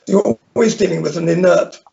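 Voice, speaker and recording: A man's voice: high voice, fairly quick, gravelly, mellow. An older man from Northern Ireland, a guest in an interview, telling rambling anecdotes with many restarts. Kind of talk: conversational storytelling. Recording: dull lo-fi audio.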